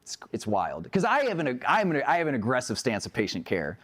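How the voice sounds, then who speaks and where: Male EMS instructor in his thirties, lively lecture voice that swings up and down, acts out the people in his stories. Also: medium pitch, brisk. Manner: animated storyteller, acts out dialogue, laughs often. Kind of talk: casual classroom lecture with stories.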